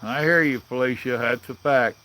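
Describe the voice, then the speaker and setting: A man's voice: medium pitch, moderate pace, bright, forceful tone, slight background noise. A man, hosting a casual live chat and reading viewer comments in a blunt, folksy way. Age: 60s. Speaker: livestream host.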